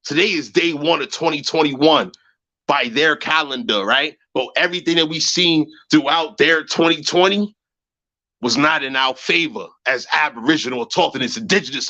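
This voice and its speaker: A man hosting a heated livestream rant, profane and agitated. He repeats phrases and swings from low mutters to high shouts. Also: moderate pace. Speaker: livestream host. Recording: muffled lo-fi livestream audio.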